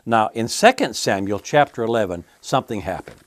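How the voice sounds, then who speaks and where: A male preacher gives a sermon in a folksy, conversational manner. His voice is low and the sound is dry and close. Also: lively intonation, brisk, no echo. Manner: folksy and conversational, with casual asides.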